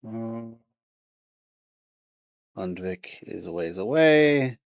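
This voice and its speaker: A man's voice: lowish voice, expressive, extremely slow, vocal fry, no echo. A man streaming a video game, chatting casually and thinking aloud as he plays. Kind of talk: casual let's-play commentary.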